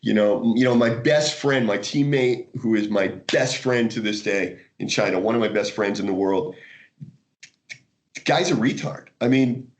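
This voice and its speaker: An American man, a guest author in a casual interview, telling animated stories with frequent laughter and restarts. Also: fairly low pitch, moderate pace. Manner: animated storyteller, laughs often, many restarts. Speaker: guest, martial arts author.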